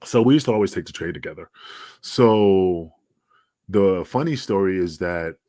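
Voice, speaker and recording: A middle-aged man spins his stories in a fairly low voice. He jumps into the quoted lines with real energy. The sound is close and dry over a remote call. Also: normal speed, no room sound. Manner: animated, acts out dialogue with raised voice. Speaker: wrestling podcast guest. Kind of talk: casual storytelling interview. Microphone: remote video call.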